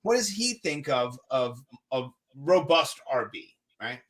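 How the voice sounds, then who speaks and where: A man co-hosting a live-stream chat show, animated and giggly as he talks over the clips he plays. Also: mid-range voice, measured pace. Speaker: podcast co-host.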